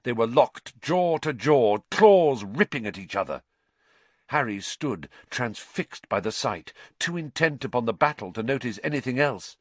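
A man narrating a story aloud, expressive and dramatic, rising with the action. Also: medium pitch, unhurried, no room sound. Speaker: audiobook narrator.

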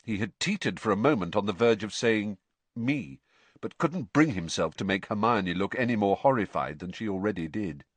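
A man narrating a storybook in an expressive reading style, close to a studio mic. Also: fairly low pitch, brisk, few pauses, no echo. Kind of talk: audiobook narration.

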